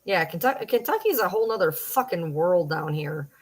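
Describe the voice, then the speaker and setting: A woman's voice: fairly low pitch, expressive, fairly quick, breathy edge, poor audio. Woman, Michigan accent, around forty, blunt, profane, chatty livestream talk. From Michigan, Detroit downriver area. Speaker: social media personality. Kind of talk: late-night livestream chat.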